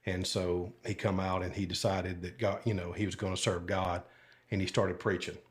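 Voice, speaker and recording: An older man from Alabama with a low voice speaks at a normal speed in a flat way. He's a retired sheriff's deputy appearing as a podcast guest, and in this casual storytelling interview he comes across as folksy and rambling, full of fillers and asides.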